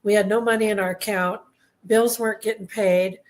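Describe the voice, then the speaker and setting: A woman guest who is an Army veteran, speaking candidly in a halting way and often clearing her throat. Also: medium pitch, steady tone. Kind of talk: personal testimony in conversation.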